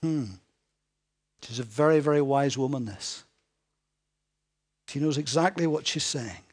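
A man preaching a sermon to a congregation, animated and joking with his listeners as he reads and explains scripture. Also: medium pitch, measured pace.

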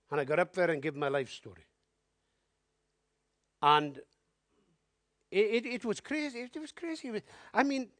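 High-voiced preacher giving testimony. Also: male voice, no echo. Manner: animated storytelling, building to emphatic exhortation. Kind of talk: sermon testimony.

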